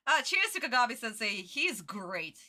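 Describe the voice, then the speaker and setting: A young woman with a slightly high, sing-song voice streams her reaction to an anime episode at a moderate pace. She sounds bright and forceful, and her casual talk is emphatic, opinionated, and repetitive.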